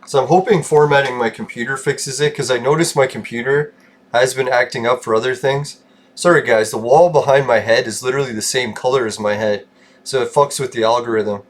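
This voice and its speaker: A man's voice: medium pitch, a little fast. A young man rambling casually as a gaming streamer, with a mumbling voice, self-mocking asides and frequent chuckles. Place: home room with painted walls.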